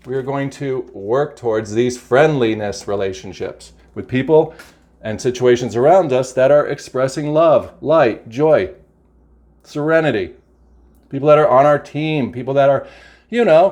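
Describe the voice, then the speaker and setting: Speaking into a camera mic, a man with a mid-range, slightly mellow voice does a casual spiritual oracle card reading. He's enthusiastic, often exclaiming and repeating phrases.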